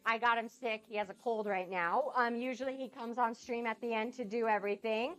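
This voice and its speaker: Bubbly high-voiced woman streamer. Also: fairly quick, smooth, faint music behind. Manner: bubbly, gushing and excitable. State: getting over a cold. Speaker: cooking streamer. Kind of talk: casual live-stream chat.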